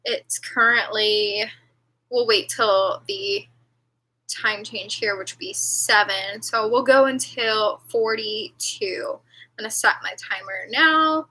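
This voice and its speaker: Bright, rambling young woman streamer. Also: mid-range voice, slow, rough recording. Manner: rambling, filler-heavy, giggly. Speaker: livestream host. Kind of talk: casual livestream chat with viewers.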